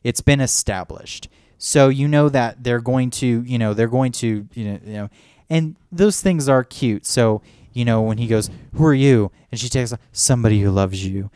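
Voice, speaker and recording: A man with a clear, resonant, darkish medium-pitched voice talks at a moderate pace with few pauses; the clean studio sound has no room sound. Co-hosting a podcast, he rambles through enthusiastic, casual fan chat, acting out movie lines.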